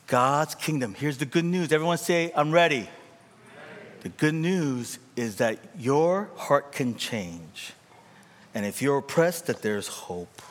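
A man preaching a sermon, animated and rising to near shouts, acting out quoted voices. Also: medium pitch, measured pace. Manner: acts out quoted voices in dialogue. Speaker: pastor. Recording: reverberant hall.

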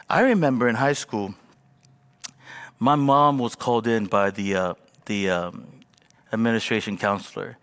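A male pastor in his forties preaching a sermon with animated, self-mocking storytelling. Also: medium pitch. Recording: long reverb of a large hall.

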